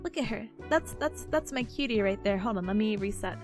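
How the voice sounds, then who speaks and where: A woman's voice: mid-range voice, expressive, brisk, over music. A young woman, chatting casually on a study stream, bubbly and gushing, laughing often.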